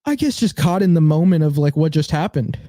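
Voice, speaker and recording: A man with a fairly high, mellow voice talks quickly on a podcast, rambling with fillers and then pressing his co-host again and again. His delivery is loose and playful. The recording is dry and close. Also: animated, no echo. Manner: rambling, hesitant, playfully insistent. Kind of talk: casual podcast banter.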